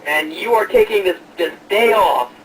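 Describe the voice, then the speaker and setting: A man's voice: high-pitched, lively intonation, moderate pace, a bit bright, recorded from a distance, a little hiss or hum, low-quality recording. A man hosting an online radio show, chatting casually and jokingly with lots of hesitations and fillers.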